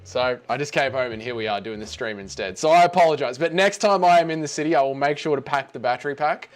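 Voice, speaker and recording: A man's voice: medium pitch, lively intonation, fast talker, few pauses. Rambling Australian man streaming live. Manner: rambling, chatty, greets viewers by name. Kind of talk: casual live stream chat.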